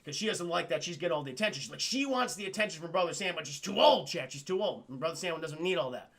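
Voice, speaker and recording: A man's voice: a little high, lively intonation, fast talker, fairly bright tone. A young man livestreaming a casual spoiler recap of a film, rambling and swearing as he keeps talking to his chat.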